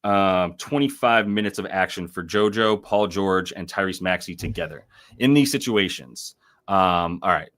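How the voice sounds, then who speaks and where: A man's voice: deep voice, moderate pace, fairly bright tone. A man hosting a live sports betting stream, talking loosely and profanely with lots of fillers and self-corrections. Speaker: sports betting show host. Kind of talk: casual live-stream commentary.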